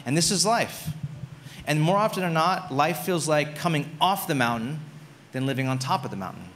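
A man in his thirties preaching a sermon as a pastor, telling a story in a relaxed, conversational way with lots of "like"s. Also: a little high, normal speed.

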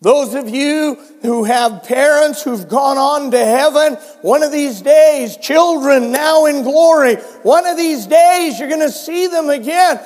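An older man preaching a sermon as pastor, telling stories and swinging between soft and loud delivery. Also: very high voice, a little slow, hardly any pauses, big-room sound. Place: church sanctuary.

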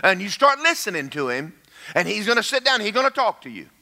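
Male pastor, lively preaching delivery, bright and forceful, slightly high. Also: brisk, vocal fry. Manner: animated, emphatic, calls out to the congregation. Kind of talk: sermon.

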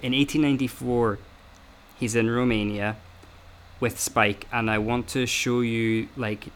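A man's voice: mid-range voice, steady tone, a little slow, a bit bright, a little hiss or hum. A man hosting a casual podcast chat, explaining at length with many hesitations and fillers. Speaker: podcast host.

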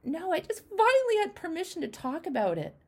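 A woman hosting an interview, speaking with impassioned, repetitive emphasis that swings between loud outbursts and hushed words. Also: extremely high pitch, huge pitch swings, fairly quick. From Canada. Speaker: host. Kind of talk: emotional interview conversation.

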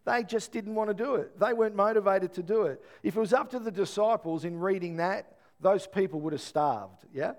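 A middle-aged man, preaching a sermon and telling family stories with animated, acted-out voices. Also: high voice, a little fast. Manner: animated storytelling, acts out voices. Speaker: pastor.

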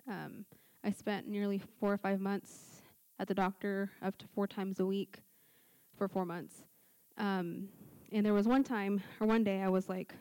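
Holding a mic during a church service, a young woman tells her testimony as a story, voicing the quoted dialogue. She has a mid-range voice that is warm, clear, and resonant, with no echo in the sound.

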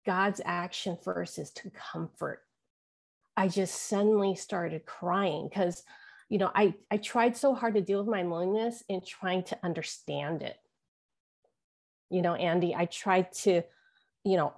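A woman in her forties telling an earnest, halting personal story as an interview guest. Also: lowish voice, gravelly, darkish tone. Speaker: guest, author and podcaster.

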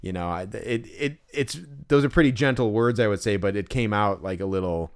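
This podcast co-host speaks briskly in a fairly low, clean voice during a casual chat. His talk wanders with many fillers and restarts, and he mimics his own exasperated yelling when quoting himself.

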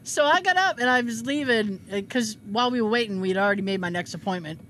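Animated lady telling a story, high and bright, doing all the voices, laughing. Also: fast talker, a little hiss or hum. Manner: animated, acts out quotes in shifting voices, laughs often. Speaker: podcast co-host telling a story. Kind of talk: casual storytelling chat.

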